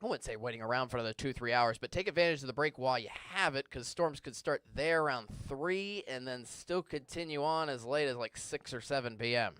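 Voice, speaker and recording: A man doing a live weather Q&A from a TV studio, chatting casually through viewer questions and now and then hunting for a word. His voice is smooth and clear, mid-pitched, and recorded close with no room sound. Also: brisk, few pauses, fairly bright tone, no echo. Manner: conversational, reads viewer questions aloud; stumbles and restarts when searching for words. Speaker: meteorologist. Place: TV station studio.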